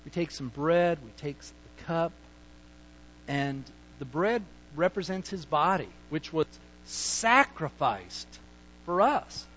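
A man preaching slowly and deliberately, his voice sitting a little high for a man. He drives his points hard, then drops to quiet asides. The recording is dull and muffled, with a faint hum behind it. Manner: emphatic, swings between loud points and quiet asides; acts out sheepish excuses in a low mutter. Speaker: pastor. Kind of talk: sermon.

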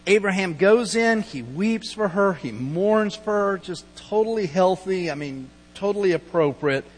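A man's voice: sits high, expressive, unhurried. A middle-aged man pastor giving a conversational, storytelling sermon and acting out quoted lines. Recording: long hall reverb, mains hum.

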